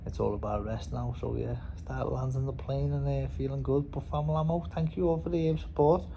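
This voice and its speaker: A man's voice: medium pitch, steady tone, brisk, vocal fry, noisy background. A young man with a Scouse accent, a boxer rambling casually in a vlog, swearing and laughing as he talks. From Liverpool, England. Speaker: boxer and vlogger.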